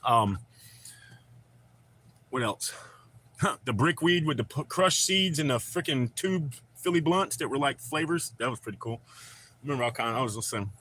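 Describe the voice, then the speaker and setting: A man's voice: mid-range voice, expressive, normal speed, long pauses, a bit bright. A man, chatting loosely and profanely with viewers on a live stream. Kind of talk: casual live-stream chat.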